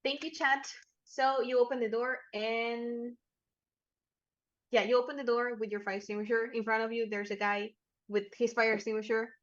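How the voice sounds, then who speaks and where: A woman narrating as game master of a tabletop game, measured and acting out characters now and then. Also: a little high, level tone, highs cut off.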